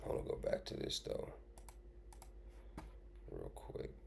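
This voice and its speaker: A man's voice: unhurried, slight background noise. A man casually commenting on clips he has just played, blunt and profane, firing off rhetorical questions.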